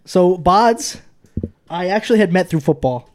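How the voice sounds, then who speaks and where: A man's voice: sits high, a little slow. A young man telling stories in a casual podcast chat, laughing often as he talks. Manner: laughing often, animated storytelling. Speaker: podcast host.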